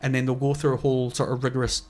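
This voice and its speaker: A man's voice: mid-range voice, little pitch movement, racing, a little mellow. A man co-hosting a casual podcast chat, rambling with lots of fillers and restarts. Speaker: podcast co-host.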